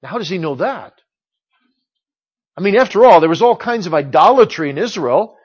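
A middle-aged man preaching a sermon from a church pulpit, emphatic, slowing down to stress the scripture he quotes. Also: high voice, lively intonation, breathy edge. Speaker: pastor. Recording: dull lo-fi recording.

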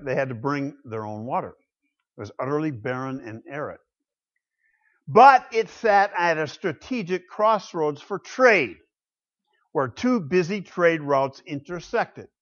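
A man's voice: fairly high pitch, very animated, unhurried. Emphatic preacher man, lo-fi sound. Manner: emphatic, swinging between loud declarations and quiet asides. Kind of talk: sermon. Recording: dull lo-fi sound.

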